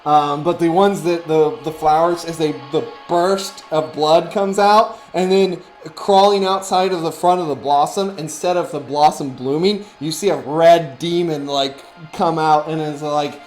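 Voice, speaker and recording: A man's voice: on the high side, fairly even intonation, a little slow, few pauses, faint music behind. A man narrating as game master, rambling with many fillers.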